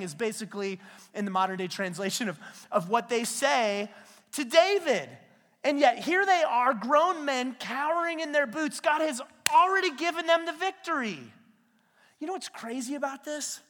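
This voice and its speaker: A man preaching a sermon as a pastor, retelling scripture as a lively, slangy story. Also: extremely high pitch, normal speed. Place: church sanctuary. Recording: long hall reverb in a church.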